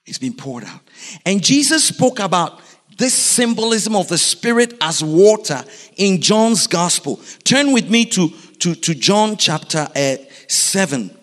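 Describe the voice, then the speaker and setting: A man preaching a sermon in a lively, animated way, constantly putting questions to his congregation, in a church. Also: high-pitched, a little slow. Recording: reverberant hall.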